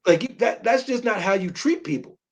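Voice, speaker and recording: Animated high-voiced man, emphatic. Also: fairly quick, slightly rough. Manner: emphatic and animated, repeats words when fired up. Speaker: sports radio co-host. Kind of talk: casual sports talk.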